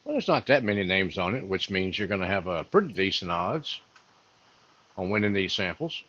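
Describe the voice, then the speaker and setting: A man's voice: low voice, expressive, normal speed, fairly bright tone, highs cut off. A man co-hosting a casual livestream, laid-back and agreeable, reading from chat. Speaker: livestream co-host.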